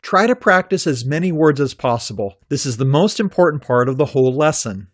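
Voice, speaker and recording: A man teaching an English pronunciation lesson from a script, with a careful, clearly articulated delivery. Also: a little high, animated, a little fast, dry recording, studio quality.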